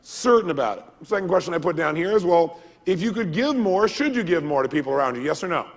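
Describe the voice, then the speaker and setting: Motivational speaker, male, gravelly and slightly high voice, energetic call-and-response delivery, long hall reverb. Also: fast. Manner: energetic, quizzes the audience with call-and-response questions. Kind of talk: seminar lecture to a live audience.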